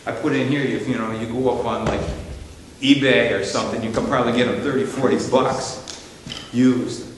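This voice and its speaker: A man's voice: mid-range voice, steady tone, normal speed, background noise. A man presenting a live seminar to a music ministry team, talking in a folksy, storytelling way with many fillers and restarts. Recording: roomy live hall recording with reverb.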